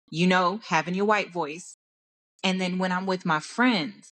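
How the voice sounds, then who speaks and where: A woman's voice: fairly low pitch, fairly bright tone. Passionate Texan woman speaking candidly. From Dallas, Texas. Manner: candid and passionate, restarts often. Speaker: podcast host. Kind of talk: personal monologue.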